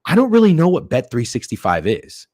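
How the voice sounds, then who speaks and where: A man hosting a sports betting livestream, ranting in a profane, opinionated way with sudden loud outbursts while reading chat. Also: fairly high pitch, huge pitch swings, brisk, no room sound, studio quality. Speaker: sports betting stream host.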